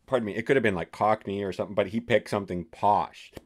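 Enthusiastic low-voiced man on a podcast. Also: fast talker. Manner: enthusiastic, agreeable, says yeah a lot. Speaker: podcast co-host. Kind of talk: casual chat about a TV show.

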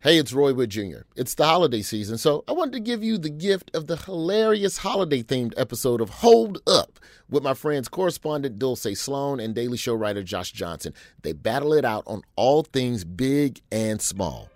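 A man with a lively, swooping voice reads a friendly podcast promo. The sound is dry and close. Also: medium pitch, normal speed, few pauses, dry recording.

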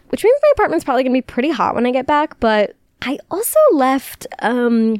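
Chatty, smooth-voiced woman podcast host. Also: on the high side, sing-song, fairly quick, hardly any pauses, darkish tone, no room sound, studio quality. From Chicago area. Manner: chatty, self-deprecating, laughs often. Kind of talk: casual confessional chat.

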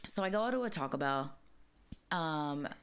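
A woman co-hosting a podcast, telling stories in casual, profane, animated chat. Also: low-pitched, a little slow, clear, resonant tone. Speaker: podcast co-host.

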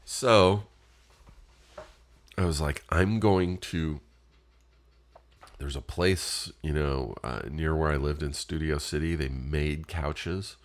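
A man's voice: a bass voice, slow pace, long pauses. A man telling a rambling personal story in a casual, profane way, with many fillers.

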